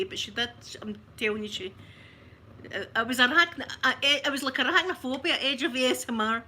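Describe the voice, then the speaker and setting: A Scottish ASMR livestream host tells a family story in a casual, chatty, animated way, with lots of restarts and laughter. Her bright voice sits a little high and moves a little fast, with a faint hiss running beneath it.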